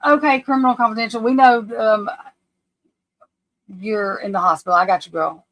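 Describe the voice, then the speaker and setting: Lady on a livestream, kinda high voice, nervous and stumbling over her words. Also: a bit bright, no room sound, rough recording. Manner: anxious, flustered, halting restarts. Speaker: livestream host. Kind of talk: casual livestream chat.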